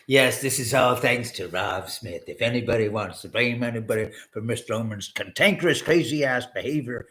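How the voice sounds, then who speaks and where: A man's voice: medium pitch, fairly bright tone. Wired, rambling male livestream host. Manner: rambling, profane, giddy. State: wired on caffeine. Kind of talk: casual livestream chat. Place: his home. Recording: echoey room.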